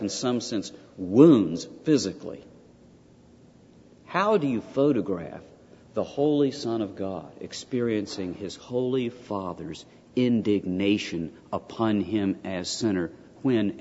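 An older man with a lowish, darkish voice gives an emphatic theology lecture, repeating key points and posing rhetorical questions. It's a lo-fi lecture recording with a long reverb.

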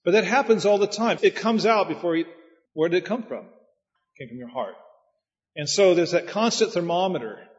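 A man's voice: high-pitched, lively intonation, moderate pace. A man preaching as a pastor, folksy and anecdotal, with chuckling asides. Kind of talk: preaching talk. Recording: muffled sound with long hall reverb.

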